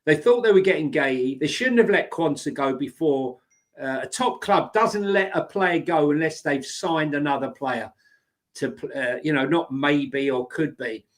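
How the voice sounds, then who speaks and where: A man's voice: fairly high pitch, moderate pace. A man co-hosting a football podcast, talking emphatically and repeating his points in a casual argumentative chat. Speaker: podcast co-host.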